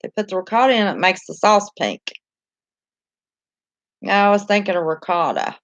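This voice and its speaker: A woman's voice: medium pitch, lively intonation, moderate pace, dry recording, muffled recording. A woman with a Southern American accent chatting casually on a live stream, reading and answering viewer comments in a homey, talkative way and laughing easily. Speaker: channel host reading live chat.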